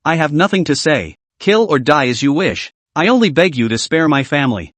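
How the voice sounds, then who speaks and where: A man's voice: fairly high pitch, very animated, fairly quick, fairly bright tone, no echo. A man voicing a beaten, tearful man who pleads for his family's lives. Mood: pleading.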